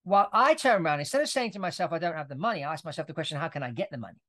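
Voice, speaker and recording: A man's voice: fairly high pitch, animated, very fast, fairly bright tone. A man in his forties who grew up in Italy, hosting a podcast interview as a chatty storyteller who laughs often. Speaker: podcast host. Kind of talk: casual interview chat.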